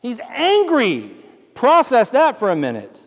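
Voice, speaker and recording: A man's voice: very high-pitched, huge pitch swings, unhurried, in a large hall. A male pastor preaching a sermon, telling the story dramatically and asking his listeners rhetorical questions.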